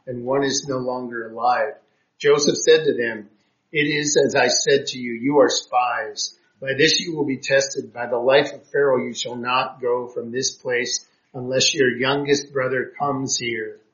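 A man's voice: mid-range voice, a bit bright. A man teaching a Bible class, reading verses aloud and explaining them with frequent hesitations. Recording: roomy, dull lo-fi classroom recording.

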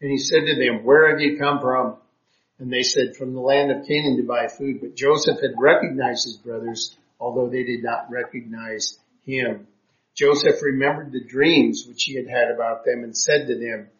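A man's voice: medium pitch, steady tone, moderate pace, a bit bright. A man teaching a Bible class, reading verses aloud and explaining them with frequent hesitations. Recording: roomy, dull lo-fi classroom recording.

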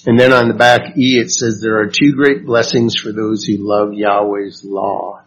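A man teaches a Bible study class, reading verses and putting questions to the group in a slow, unhurried way. His voice is fairly low and flat, heard through a dull lo-fi recording with faint noise.

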